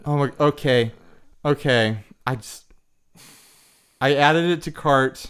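A tipsy man co-hosting a casual podcast chat, excitable and quick to exclaim. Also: mid-range voice, smooth. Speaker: podcast co-host.

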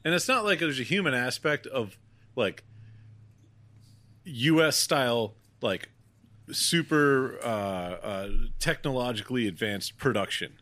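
A man's voice: mid-range voice, expressive, unhurried, sharp tone, dry recording. A man co-hosting a podcast in casual chat, teasing his friends and chiming in. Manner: laughing, teasing, chimes in. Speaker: podcast co-host.

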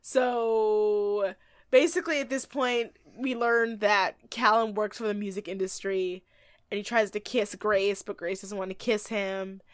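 A woman with a medium-pitched, steady voice speaks at a measured pace in a dry, studio-quality recording. She co-hosts a podcast, recapping a movie in casual, snarky chat and laughing often.

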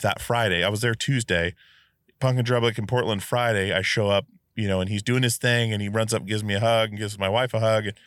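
Low-voiced man telling a story. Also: smooth, no echo, studio quality. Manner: animated storyteller, many fillers. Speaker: podcast host. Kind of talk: casual storytelling chat.

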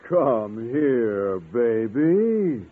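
Earnest, shy science teacher, husky voice; old radio sound. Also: male voice, medium pitch, very animated, very slow, exaggerated voice. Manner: bashful, earnest. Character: shy, gentle male biology teacher who loves animals. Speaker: schoolteacher. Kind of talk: 1950s radio sitcom acting. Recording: tinny old radio broadcast.

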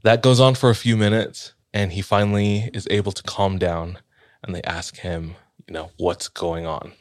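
Deep-voiced man telling a spooky story. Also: fairly even intonation, normal speed, no echo, clean studio sound. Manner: rambling with many fillers and restarts, drops to a low hush at tense moments. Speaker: storyteller in a podcast-style chat. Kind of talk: casual retelling of a ghost story.

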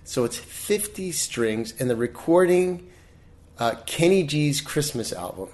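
A middle-aged man, a guest in a casual interview, telling stories in an animated way with many restarts. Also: fairly high pitch, unhurried.

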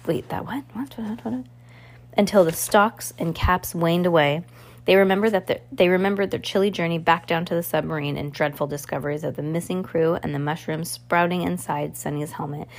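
A woman reading a novel aloud in a halting way, often restarting words. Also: low voice. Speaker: reader.

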